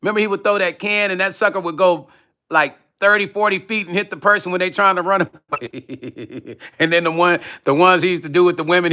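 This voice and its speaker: A man's voice: sits high, clean tone. A middle-aged man talking casually on a livestream, reading out chat messages in a loose, laughing, rambling way. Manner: relaxed, loose, laughs often, drifts between topics. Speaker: music vlogger reading live chat.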